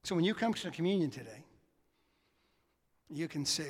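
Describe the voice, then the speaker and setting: A man preaching a sermon as pastor, swinging between hushed asides and loud, emphatic peaks. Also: fairly high pitch, animated, moderate pace, pauses often, husky. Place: church sanctuary. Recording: long hall reverb.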